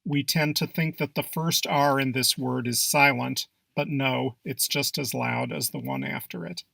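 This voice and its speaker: Bright, gravelly man narrating a lesson. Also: medium pitch, unhurried, no echo. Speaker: English pronunciation teacher. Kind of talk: scripted narration.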